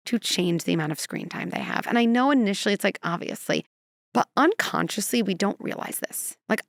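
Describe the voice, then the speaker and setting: A woman psychologist speaking as a podcast guest, animated and expressive, slipping into quoted voices to make her points. Her voice sits at a middle pitch with a gravelly, fry-tinged texture. Recorded close and dry. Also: dry recording. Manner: animated, acts out quotes and scenarios. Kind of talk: conversational interview.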